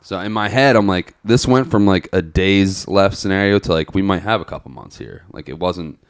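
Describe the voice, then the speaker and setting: A man's voice: sits low, normal speed, smooth. A young man on a podcast, telling a long personal story in a rambling, profane, casual way. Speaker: podcast co-host.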